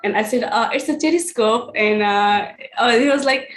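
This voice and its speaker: A woman presenter with a fairly high voice, recounting her astronomy outreach in a halting way. She pauses often and fills the gaps with ums and uhs. She is speaking over a video call. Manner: hesitant, many fillers. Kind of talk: online star party talk.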